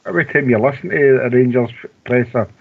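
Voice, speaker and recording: A man's voice: mid-range voice, fast talker, vocal fry, husky. A man with a Scottish accent co-hosting a fan radio show, chatting jokily about football and reading out listener messages. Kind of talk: casual football chat. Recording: tinny phone-like line.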